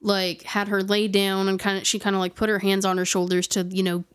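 A woman's voice: mid-range voice, completely flat delivery, fairly quick, smooth. A woman tells a spooky story to a friend in a loose, chatty way. She trails off, restarts her sentences and leans on "like" constantly. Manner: rambling, many "like" fillers and restarts. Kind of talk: casual storytelling chat.

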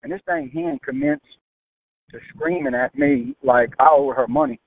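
A man from Louisiana with a Louisiana accent, a guest telling folksy hunting stories in an animated, drawling way. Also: extremely high pitch, moderate pace, vocal fry. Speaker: guest turkey hunter. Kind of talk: folksy storytelling. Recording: tinny phone-like sound.

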